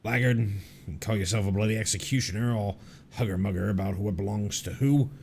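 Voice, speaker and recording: A man's voice: lowish voice, brisk, creaky, a little mellow, husky. A man voicing a rowdy, crude male pirate sailor in a game, talking in salty sea dialect. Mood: scolding. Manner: salty old-sea dialect, calls people ye and laddie. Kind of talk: reading game dialogue aloud in character.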